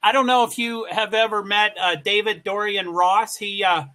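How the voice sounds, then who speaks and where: An American man co-hosting a casual live-stream chat. His voice is high and bright. He talks in a chatty, rambling way and breaks off to greet viewers as they come in. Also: fairly even intonation, normal speed. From United States. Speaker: co-host.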